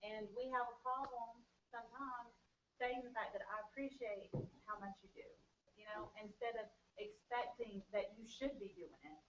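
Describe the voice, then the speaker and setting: A woman in the audience speaking up earnestly at a church marriage conference, a little halting. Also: a little high, a bit bright, slight background noise. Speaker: audience member. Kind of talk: comment from the congregation. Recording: distant roomy lo-fi audience recording.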